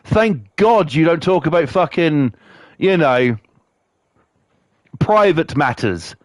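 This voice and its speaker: A man with a Norfolk accent chats away while playing a game, his voice swinging high and low as he tells rambling, sweary stories. He sits a little above the usual pitch for a man, and the sound is close and dry with no room echo. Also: animated, takes it slowly. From Norfolk, England. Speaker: game streamer. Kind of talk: casual chat while playing.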